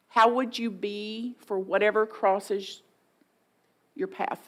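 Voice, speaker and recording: A woman's voice: medium pitch, fairly even intonation, a little slow. A middle-aged woman, preaching a sermon in a folksy, playful way and acting out inner voices for the congregation. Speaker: guest minister.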